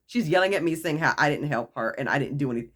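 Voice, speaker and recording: A woman vlogger telling a story in a casual, animated way, acting out the people she quotes and laughing often. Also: low voice, fast.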